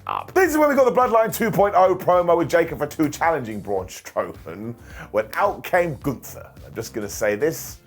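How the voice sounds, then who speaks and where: A man recapping a wrestling show in an energetic, jokey casual way, often laughing and mocking himself. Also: a little high, normal speed, soft background music.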